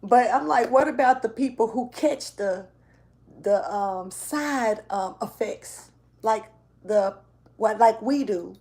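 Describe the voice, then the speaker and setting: A woman speaking gives a relaxed spiritual reading, her voice a little raspy from allergies. She sits somewhat high in pitch and talks loosely, full of slang, often trailing off mid-thought. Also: takes it slowly. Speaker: tarot reader.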